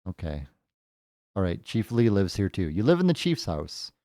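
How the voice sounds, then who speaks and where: Guy thinking out loud over a game, kinda low voice, dry close mic. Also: very animated, normal speed, dry recording. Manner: thinks aloud, chatty, jokey asides. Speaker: gamer playing a game for the first time. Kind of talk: casual let's-play commentary.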